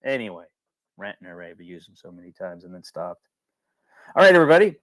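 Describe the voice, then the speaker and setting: A man's voice: deep voice, fairly even intonation, a little fast, dry recording. A man hosting a casual webinar, talking in a rambling, colloquial way and repeating himself when he gets worked up. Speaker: webinar host.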